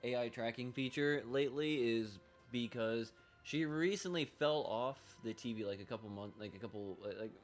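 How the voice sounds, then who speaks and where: A man streaming a video game, rambling through casual commentary, excitable and swearing freely. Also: medium pitch, moderate pace, soft background music.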